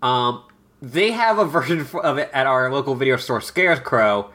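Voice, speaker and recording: A man's voice: mid-range voice, expressive, normal speed, a bit bright. A man co-hosting a casual podcast, rambling with lots of "like" and false starts. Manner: rambling, full of "like" and restarts. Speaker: podcast co-host. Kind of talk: casual chat.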